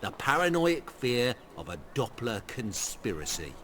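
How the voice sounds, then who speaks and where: A rueful shapeshifter fallen on hard times, dry, self-mocking, lively lines in a game. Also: male voice, medium pitch, measured pace, a little hiss or hum. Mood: wry. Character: weary middle-aged male shapeshifter posing as a ruined merchant. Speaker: game character. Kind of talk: video game voice acting.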